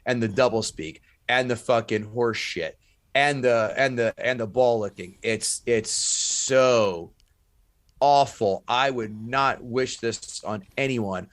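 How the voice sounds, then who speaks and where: Man, stand-up comic guest, swearing, ranting, mid pitch, dry close mic. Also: dry recording. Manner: profane, ranting, quick comic jabs. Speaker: comedian guest. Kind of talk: casual chat.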